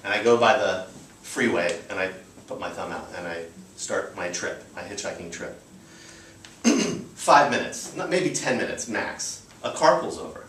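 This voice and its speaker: A man's voice: low voice, expressive, a little slow, fairly bright tone, slight background noise. An American man in his thirties tells a personal story to a live audience in a loose, chatty way, full of fillers. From United States. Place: live storytelling show venue. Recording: roomy live venue, distant mic.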